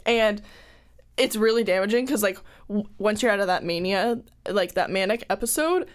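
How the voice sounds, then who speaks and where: A woman's voice: medium pitch, moderate pace. A woman hosting a podcast, talking candidly in casual chat with lots of "like" fillers. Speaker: podcast host. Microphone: podcast microphone.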